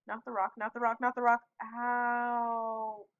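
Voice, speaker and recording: Brief: high-pitched woman, excitable gameplay host, slightly muffled lo-fi mic. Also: clean tone. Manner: excitable, yelping protests and quick asides. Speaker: gaming video host. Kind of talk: casual gameplay commentary with friends.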